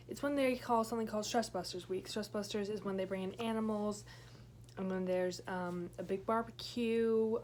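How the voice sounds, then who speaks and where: A young woman vlogger telling a personal story in a chatty way, with many fillers and animated quoting. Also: medium pitch, slight background noise. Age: young adult. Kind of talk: storytime vlog.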